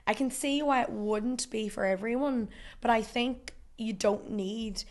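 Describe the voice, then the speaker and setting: A woman's voice: a little high, unhurried. A young Irish woman chatting as a podcast guest, rambling and full of fillers. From Ireland. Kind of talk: casual chat.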